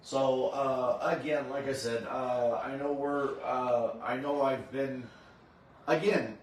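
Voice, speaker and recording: A man's voice: mid-range voice, steady tone, slow pace, very echoey, slight background noise. Tired rambling man, far from the mic. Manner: rambling, many fillers and restarts. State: tired, yawning. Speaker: host of a convention recap stream. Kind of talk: casual chat.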